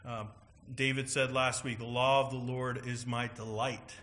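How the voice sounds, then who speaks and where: A man preaching a sermon, teaching with animated emphasis and frequent "all right" and "right?" asides. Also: medium pitch, unhurried. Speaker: pastor.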